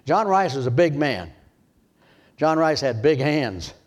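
An older man from Michigan preaching a sermon as pastor, telling his story in a hushed voice and then rising to loud pleading. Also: fairly high pitch, big pitch swings, slow pace.

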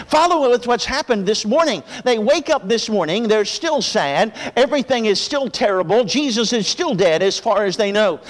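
A man preaching a sermon with impassioned delivery, praying softly and rising with fervor as he expounds Scripture. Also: long reverb tail. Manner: impassioned preaching, drops low for prayer. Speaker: pastor.

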